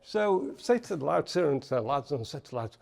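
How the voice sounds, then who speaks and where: This Liverpudlian podcast guest has a slightly high, gravelly voice and talks a little fast in his Liverpool accent. He relates a story in easygoing conversation, animated throughout and voicing the people in his quotes.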